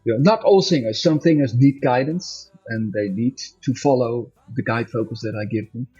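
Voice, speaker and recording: Husky man in a rambling interview. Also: medium pitch, normal speed, warm tone. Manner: rambling, self-correcting, laughs often. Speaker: interview guest, musician. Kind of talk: casual interview chat. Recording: dull lo-fi audio with faint music.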